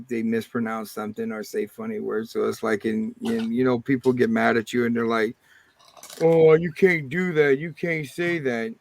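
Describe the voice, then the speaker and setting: A man's voice: mid-range voice, creaky, no echo. A man with a Cajun accent hosting a livestream, chatting casually and rambling with crude jokes. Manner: rambling, joking, crude humor. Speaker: livestream host.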